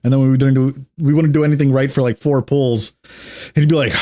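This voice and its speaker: A man chatting casually while streaming a game, at an ordinary middle pitch. He tells stories in an animated, blunt way, swearing now and then and slipping into other people's voices. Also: fast talker. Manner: animated storyteller who acts out what others said. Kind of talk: casual chat while gaming.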